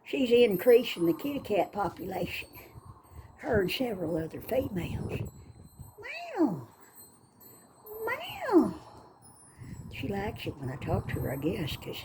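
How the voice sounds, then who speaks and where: An older woman chatting casually into her phone, rambling and calling to cats in a high sing-song. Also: animated, normal speed, noisy background. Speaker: vlogger. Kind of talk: casual chat. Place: outdoors by a front door, then back indoors. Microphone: phone held in hand.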